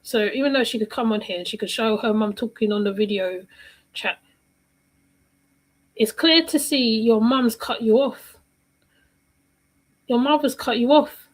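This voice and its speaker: Rambling woman streamer, fairly high voice. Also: a little slow, pauses often, rough recording. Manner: rambling, repeats herself, searches for words. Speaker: livestream commentator. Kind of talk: casual reaction commentary.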